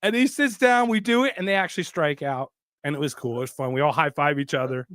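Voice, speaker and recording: A man hosting a podcast, telling a funny story in a lively, joking, sometimes profane way. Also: fairly high pitch, fast, dry recording, studio quality. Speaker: podcast host. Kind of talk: casual storytelling chat.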